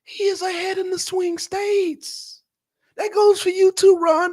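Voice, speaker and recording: A man doing loud, animated political commentary on a live stream, with theatrical gasps and mock panic. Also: very high-pitched, unhurried. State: dizzy, out of breath after holding breath. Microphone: camera mic.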